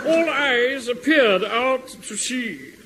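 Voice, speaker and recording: A pompous, self-important Home Guard captain in an old radio comedy. His voice is high and swings widely in pitch. The archive recording carries steady hiss. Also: slow, heavily acted, rough recording. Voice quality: pompous, indignant. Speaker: captain narrating a radio skit. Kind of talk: 1960s-70s radio comedy acting.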